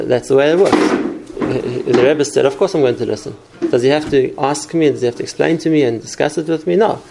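A man's voice: mid-range voice, gravelly, mellow, slight background noise, poor audio. A man teaching a class on parenting, explaining through stories and examples and answering questions.

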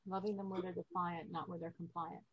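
Female host, lowish voice, attentive and responsive, dry lo-fi recording. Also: little pitch movement, brisk, slightly rough, dry recording. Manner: attentive, responsive, stammers when moved. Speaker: interviewer. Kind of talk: interview talk. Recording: dry dull sound.

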